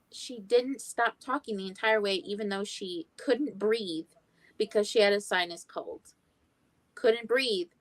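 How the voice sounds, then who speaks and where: A young woman tells a story in casual chat, swearing freely and acting out what people said. She speaks at a middle pitch. The recording is dry and close. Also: no room sound. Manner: chatty storyteller, swears freely, acts out quotes. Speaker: livestream host.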